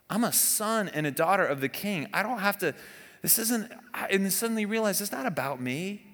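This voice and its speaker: A man preaching a conversational sermon as a pastor, animated and often asking the audience questions. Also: fairly high pitch. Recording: long hall reverb.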